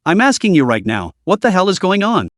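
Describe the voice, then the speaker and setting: A man's voice: high-pitched, wildly swooping pitch, brisk, no echo, clean studio sound, voice pushed up. A man doing a hot-tempered young man in a storybook. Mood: angry. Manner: angry, blunt and demanding.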